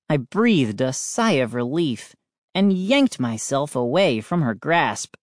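Low, expressive woman narrator. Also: slow, no echo, clean studio sound. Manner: expressive first-person reading. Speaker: audiobook narrator. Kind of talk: storybook narration.

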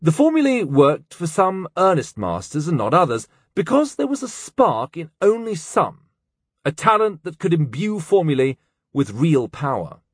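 Guy doing a cold cutting old scholar, imperious, husky edge, lively pitch. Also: normal speed, no room sound, studio quality. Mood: lecturing. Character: stern, cold older male scholar and teacher. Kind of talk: audiobook character voice.

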